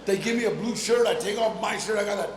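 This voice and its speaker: High-voiced older man telling street stories. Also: fast talker. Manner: animated, streetwise, slangy, laughs often. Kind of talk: personal storytelling to an audience. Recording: echoey hall, faint room noise.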